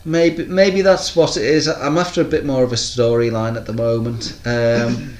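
A man's voice: mid-range voice, flat delivery, normal speed. A man chatting casually as a podcast co-host, telling long stories and acting out what people said. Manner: rambling storyteller, acts out quotes in other voices. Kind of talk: casual chat. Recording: echoey room.

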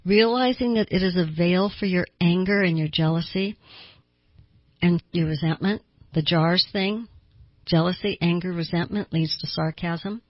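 A woman's voice: on the low side, moderate pace, dry recording, muffled recording. An older woman hosting a therapy advice talk show, speaking earnestly and asking listeners direct questions. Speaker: radio therapist host.

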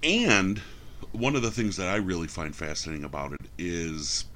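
A man's voice: low voice, sing-song, moderate pace, a bit bright. A man with a New York accent hosting a podcast, enthusiastic and rambling. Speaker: podcast host. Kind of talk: podcast interview.

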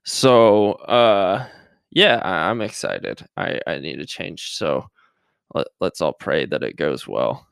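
A man's voice: low-pitched, lively intonation, takes it slowly, vocal fry, smooth, dry recording. A young man hosting a casual solo podcast, rambling and hesitant with lots of fillers and self-mocking jokes, a little nervous. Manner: self-mocking jokey asides. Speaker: podcast host.

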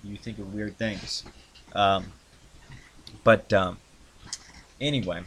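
A man's voice: lowish voice, fairly even intonation, takes it slowly, a bit bright, slight background noise. A young man casually recounting the story of his video channel, rambling with many ums and restarts. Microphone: handheld mic he adjusts.

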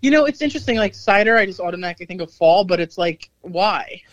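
A woman co-hosting a podcast, chatting casually over drinks with quick, joking asides. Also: on the low side, animated, dry recording, lo-fi sound. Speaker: podcast co-host.

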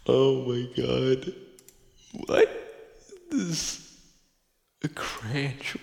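A man's voice: medium pitch, extremely slow, creaky, pauses often, sharp tone. A man hosting a casual solo podcast, swearing in exasperation as he reads listener posts aloud. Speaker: podcast host. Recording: echoey room with long reverb.

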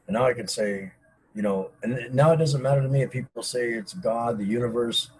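A man's voice: medium pitch, brisk, darkish tone, a little hiss or hum, low-quality recording. A man speaking candidly as an interview guest, intense and emphatic, swearing freely. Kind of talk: candid personal conversation.

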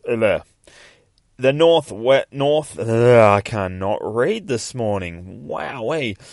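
A man with a very low voice hosts a podcast, walking through a comic book in a loose, casual way. He rambles, swears freely and laughs as he goes. The recording is dry and close, with no room sound. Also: dry recording. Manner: rambling and profane, laughing often. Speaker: podcast host.

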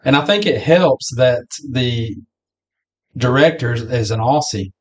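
A man's voice: medium pitch, lively intonation, a little slow. A man co-hosting a podcast, chatting casually about a film and acting out some of its lines. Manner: chatty, acts out movie lines. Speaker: podcast co-host.

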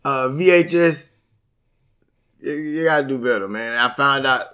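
A middle-aged man co-hosting a casual talk show, slangy and animated, swinging between excitement and subdued talk. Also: mid-range voice, unhurried, clear, resonant tone. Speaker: podcast co-host. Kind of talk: casual chat.

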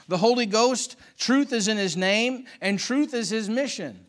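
A man's voice: sits high, expressive, measured pace, few pauses, a bit bright. A man preaching a sermon with fervent, dynamic delivery, reading scripture and repeating phrases for emphasis. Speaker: pastor.

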